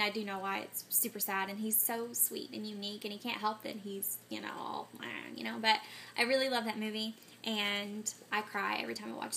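A woman's voice: fairly high pitch, a bit bright, a little hiss or hum. A woman vlogging casually to camera, scatterbrained and full of ums and self-corrections, getting sick and coughing. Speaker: vlogger answering a movie tag.

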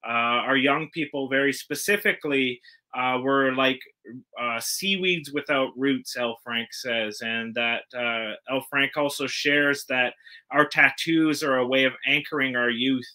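A man from Canada giving an earnest, measured curator's talk, often pausing on "uh". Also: medium pitch, fairly even intonation, bright, forceful tone. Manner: earnest, measured, frequent "uh" fillers. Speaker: guest curator.

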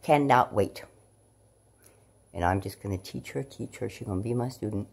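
A middle-aged woman vlogging casually at home into a camera, rambling and emotional, swinging from loud outbursts to hushed pleas. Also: extremely low pitch, moderate pace, creaky, breathy edge. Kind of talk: casual spiritual vlog.

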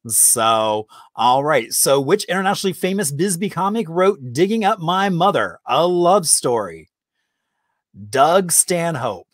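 A man hosts a relaxed trivia session, keeping it upbeat and conversational. His voice sits a little high. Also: a little slow, no echo, clean studio sound. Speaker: host. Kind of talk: casual trivia hosting.

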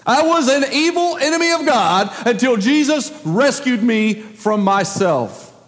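High-pitched preacher in a reverberant hall. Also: male voice, expressive, unhurried. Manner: emphatic, with frequent rhetorical questions. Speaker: pastor. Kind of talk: sermon. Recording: long reverb of a large hall.

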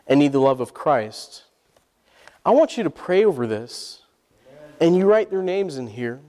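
A high, slightly mellow male voice belongs to a pastor delivering a call-and-response sermon. He questions the congregation and waits for them to answer, and the church sanctuary lends the recording a long hall reverb.

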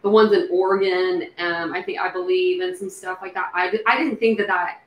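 A woman hosting a casual livestream, thinking out loud with many fillers and restarts. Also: fairly low pitch, fairly even intonation, normal speed, highs cut off. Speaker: true crime livestream host. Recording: echoey room with faint background noise.

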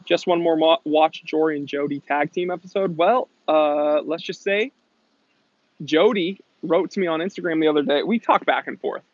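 Heard through dry, dull lo-fi stream audio, this watch shop owner speaks at normal speed in a fairly high voice. He hosts a live stream, answering questions from chat. His manner is casual and rambling, with restarts and fillers.

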